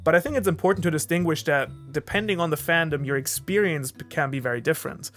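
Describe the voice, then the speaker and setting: A man on a podcast talks in a voice pitched a little high. He lays out his thoughts carefully and weighs each point as he goes. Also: a bit bright, faint music behind. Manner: thoughtful, measured explaining. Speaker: podcast co-host. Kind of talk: casual chat.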